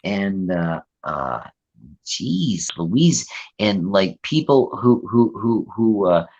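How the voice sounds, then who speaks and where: Lowish male co-host, rambling, lively pitch, filler-heavy. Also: slow pace, dull audio. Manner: fumbling, full of fillers and trailing off. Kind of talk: casual chat.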